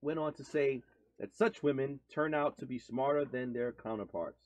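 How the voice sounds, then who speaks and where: A man co-hosting a casual podcast, animated and quick to giggle as he talks and reads aloud. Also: medium pitch, no room sound. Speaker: podcast co-host. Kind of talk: casual chat. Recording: lo-fi dull sound.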